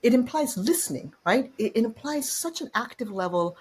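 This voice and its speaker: A woman's voice: on the high side, lively intonation, normal speed, a little mellow, breathy edge. A woman hosting a podcast interview, talking in a reflective, affirming way as a trained musician. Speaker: podcast host. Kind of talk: conversational interview.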